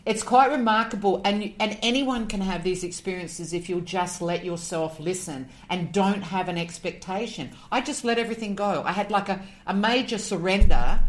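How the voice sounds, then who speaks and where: Brief: woman guest, expressive storyteller who acts out quoted voices; emotional, lower-pitched voice. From Australia. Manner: emotional, moved near tears. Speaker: guest, animal communicator. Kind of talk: storytelling in a podcast interview.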